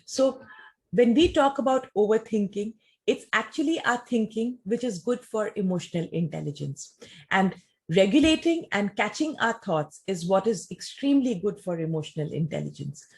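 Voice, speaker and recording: A woman gives a talk and answers audience questions in a measured, explanatory way, often using rhetorical questions. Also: mid-range voice, lively intonation, slightly rough.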